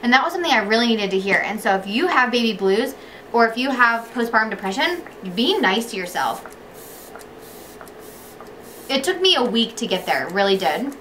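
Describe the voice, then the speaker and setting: A young woman vlogger talking earnestly to camera, heartfelt and dropping to a hush when it gets emotional. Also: fairly high pitch, sing-song, moderate pace, a little hiss or hum. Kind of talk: casual chat to camera.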